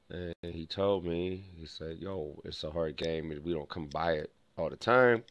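Low-voiced man rambling through a story. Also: a bit bright. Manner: rambling, full of restarts and quoted dialogue. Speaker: vlogger. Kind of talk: casual storytelling to camera.

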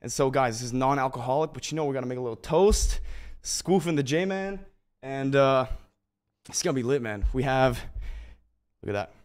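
A young man hosting a casual gaming livestream from home, talking to viewers in an excitable, slangy way full of "bro" and "man". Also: medium pitch, moderate pace, clean tone.

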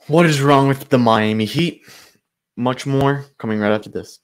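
A man's voice: mid-range voice, moderate pace, clean tone. Male sports channel host, mid-range voice, exasperated improvised fan rant. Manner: frustrated, ranting, loosely improvised with fillers. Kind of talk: solo sports commentary rant.

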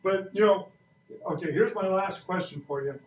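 A man's voice: high-pitched, moderate pace, a little hiss or hum. A man in his sixties teaching a science lesson to a class of children in a playful, joking way, asking them questions. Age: 60s. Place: school classroom. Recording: echoey classroom recorded from a distance.

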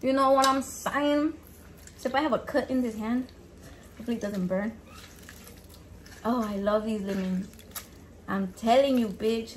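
A woman on the high side of the pitch range talks while cooking, with a little hiss or hum in the recording. She's a home cook vlogger of Mexican heritage, and her casual talk is animated and profane, with Spanish words slipping in.

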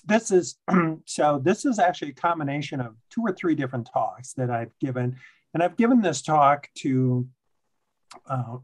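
A man from Chicago giving a casual presentation over a video call as a guest speaker, relaxed and joking at his own expense. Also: medium pitch. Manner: relaxed, joking, self-deprecating.

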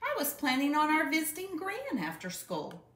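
A woman's voice: high voice, huge pitch swings, normal speed, fairly bright tone, pitched above the performer's own voice, heavily acted. A woman voicing a stern bear mother scolding her cubs, reading a storybook in a roomy space. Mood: exasperated. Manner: exasperated, scolding. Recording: roomy echo.

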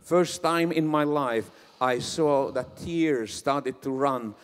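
A man interpreting a sermon in a large church hall, halting and emphatic. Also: fairly high pitch, smooth. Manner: halting, emphatic, swelling into loud praise. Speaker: interpreter for the preacher. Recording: long church reverb.

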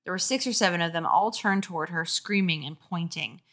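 Speaking fairly quickly in a low-side, somewhat bright voice, a woman with a sore throat reads from a children's horror book. She breaks in with sarcastic jabs and mockery, turning it into a comic reading with commentary.

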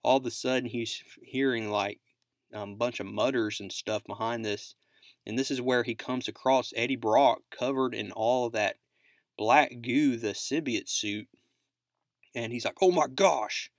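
A man's voice: mid-range voice, fairly even intonation, measured pace, dry recording, studio quality. A man narrating a casual comic book recap as a channel host, rambling and leaning on fillers like "basically" and "like".

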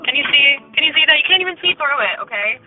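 A woman's voice: high-pitched, animated, racing. A woman venting in an annoyed, swearing rant while she drives her car. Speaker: vlogger. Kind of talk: venting vlog while driving. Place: inside a car. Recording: tinny phone-like audio with faint music.

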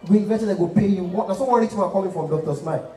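A man with a Nigerian accent doing animated stand-up, telling stories and putting on the voices of the people in them. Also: high-pitched, very fast, faint music behind. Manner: animated storytelling, switching between characters' voices. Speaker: stand-up comedian. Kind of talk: stand-up comedy on stage. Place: large indoor event hall with audience. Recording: echoey live hall recorded from a distance, loud crowd.

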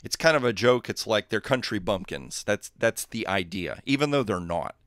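Relaxed man streaming from his desk. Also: fairly low pitch, normal speed, dry recording, studio quality. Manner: relaxed, rambling, chuckling asides. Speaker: livestream host. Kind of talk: casual livestream chat and joke telling.

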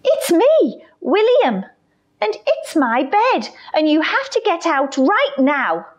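A woman's voice: very high-pitched, sing-song, slow pace, muffled recording, voice pushed up, exaggerated voice. A woman voicing a young boy who earnestly keeps telling a lion it is bedtime. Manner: earnest, increasingly exasperated. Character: young boy trying to get a lion to bed.

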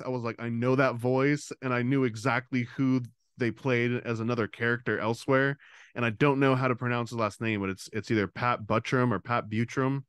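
A man's voice: medium pitch, smooth, dry recording, studio quality. A man co-hosting a podcast, talking casually at length with some restarts. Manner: conversational, talkative with restarts. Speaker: podcast co-host. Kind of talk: casual chat.

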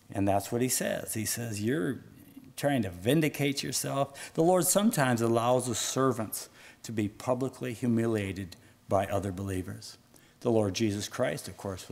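A man preaching a sermon as pastor, reading scripture with rising fervor and dropping low and soft on solemn points. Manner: rises in pitch and volume when reading scripture aloud.

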